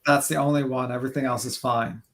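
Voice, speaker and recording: Gravelly-voiced man, short remarks. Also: mid-range voice, fairly even intonation, fast, a bit bright. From New York, US. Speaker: guest. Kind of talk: casual chat.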